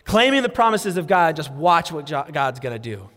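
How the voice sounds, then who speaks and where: A man in his thirties, a pastor, preaching a sermon and telling a story earnestly. He drops to a soft hush when he prays. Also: on the high side, sing-song, normal speed. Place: church sanctuary. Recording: long hall reverb.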